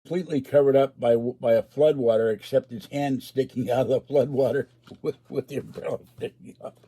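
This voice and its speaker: A man's voice: mid-range voice, fairly even intonation, fairly quick, warm tone, husky. Grumbling older man. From Pittsburgh area. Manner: grumbling, sarcastic. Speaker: livestream host. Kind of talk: rambling casual livestream chat. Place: indoors at home.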